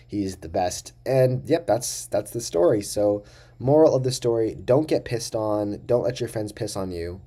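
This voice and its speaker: A man's voice: lowish voice, lively intonation, measured pace, warm tone. A young man telling a rambling, profane story casually to camera as a vlogger.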